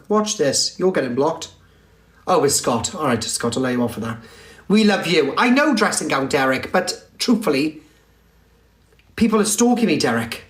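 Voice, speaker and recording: A man live streaming and reading chat comments aloud in a teasing, theatrical way, jumping from shouts to low mutters. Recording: echoey room with faint music.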